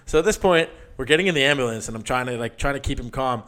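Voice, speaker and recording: A man's voice: medium pitch, animated, fast, fairly bright tone. A man telling a dramatic personal story in casual chat, rambling with lots of "like" and restarts, emotional enough to get choked up. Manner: rambling, heavy use of "like", restarts often.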